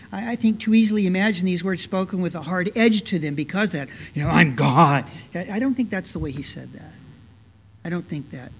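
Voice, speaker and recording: A man's voice: sits high, a little mellow, a little hiss or hum. A man preaching an expository sermon as a pastor, talking conversationally with frequent fillers and restarts, growing earnest when he stresses a point. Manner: conversational, many "you know" fillers and restarts; earnest, rising with emphasis.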